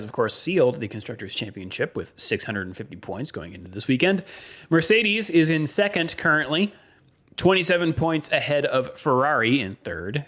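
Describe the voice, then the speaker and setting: A man co-hosting a motorsport podcast, reading weather and standings in a steady way with frequent ums and uhs. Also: mid-range voice. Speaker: podcast co-host.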